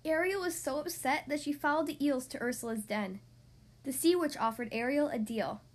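Woman storybook narrator, high-pitched, steady read-aloud with occasional slips. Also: normal speed. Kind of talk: storybook reading.

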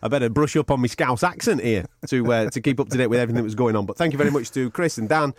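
A man's voice: medium pitch, racing. A man hosting a boxing podcast, cheeky and teasing, swearing freely in casual banter. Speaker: podcast host.

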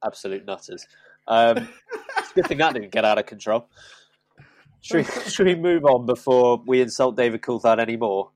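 A man's voice: mid-range voice, expressive, moderate pace, background noise. A man hosting a podcast, chatting casually, teasing the others and steering them to the next topic. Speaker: podcast host. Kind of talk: casual chat.

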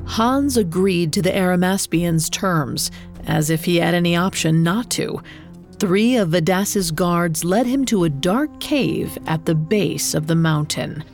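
A woman reading a story aloud in a steady, unhurried manner as its narrator. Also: lowish voice, faint music behind. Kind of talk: scripted narration.

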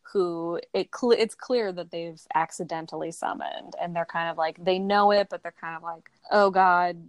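A woman talks through a comic in a relaxed podcast chat, her voice sitting a little low for a woman. She keeps things animated, slipping into quick voices for the characters. The mic is close and dry, with no room sound. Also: dry recording. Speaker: podcast co-host. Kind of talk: casual chat recapping a comic.

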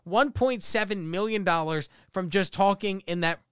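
A man with a high, smooth, resonant voice hosts a loose comedy podcast. He reads out odd news stories and laughs a lot along the way. The recording is dry, with no room sound. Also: normal speed, fairly bright tone, dry recording. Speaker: podcast host. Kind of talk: casual comedy chat.

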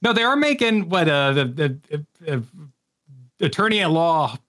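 A man co-hosting a podcast, chatting casually about movies, searching for words and then rattling off quick lists. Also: fairly high pitch, sing-song, fairly bright tone. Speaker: podcast co-host.

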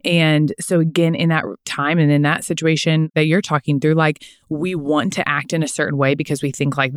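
A woman's voice: sits low, steady tone, fairly quick, few pauses, dry recording, studio quality. A young woman, a mother of small children, talking earnestly in a casual faith podcast and filling her speech with "like". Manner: earnest, frequent "like" fillers. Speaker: podcast co-host.

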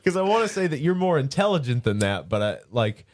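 A man's voice: medium pitch, big pitch swings, brisk, crowd noise. A man co-hosting a casual podcast chat, teasing and needling his friend with casual swearing. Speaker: podcast co-host.

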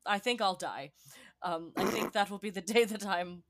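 A woman speaking in character in a halting, wry, self-deprecating way during a tabletop game. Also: mid-range voice, no room sound, clean studio sound. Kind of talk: in-character role-play.

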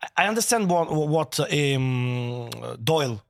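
A man's voice: a little high, lively intonation, slow pace, no echo, studio quality. Earnest man, joking. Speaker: regular panelist. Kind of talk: casual football chat.

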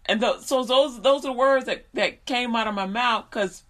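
A woman preaching in an informal storytelling style, animated, laughing often and repeating her phrases. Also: on the high side, moderate pace.

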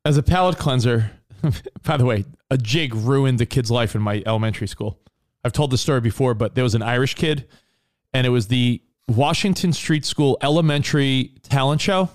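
A man's voice: mid-range voice, moderate pace. A man co-hosting a casual talk radio show, telling stories and acting out quotes. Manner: animated storyteller, acts out quotes. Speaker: co-host.

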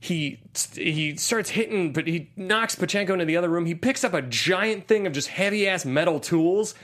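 A man co-hosting a casual movie podcast, recapping scenes with lively retelling and dropping into gruff quote voices. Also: moderate pace. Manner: animated, drops into low gruff voices for quotes. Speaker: podcast co-host.

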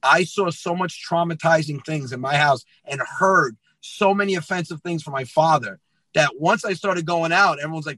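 Male comic, 30s, bright and a bit high, animated storyteller, dry close sound. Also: moderate pace, no room sound, poor audio. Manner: lively, acts out dialogue, says "man" often. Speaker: comedian guest.

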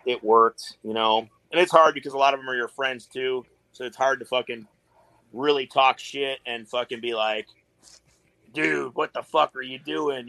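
A man's voice: medium pitch, sharp tone, no echo, low-quality recording. A middle-aged man talking casually as a podcast guest, swearing constantly and rambling through his stories in a laid-back way. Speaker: guest, tattoo artist.

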